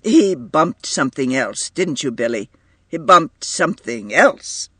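A man's voice: fairly high pitch, very animated, unhurried, a bit bright, husky, no room sound, full character voice. A man reading aloud and voicing a jovial, teasing father in his mid-thirties. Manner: hearty and teasing. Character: jovial broad-shouldered man of thirty-five. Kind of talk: audiobook reading.

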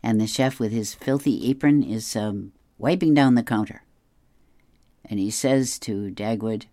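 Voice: mid-range voice, a little slow, warm tone, dry recording. A reader describing comic strips aloud, with chatty asides and chuckles.

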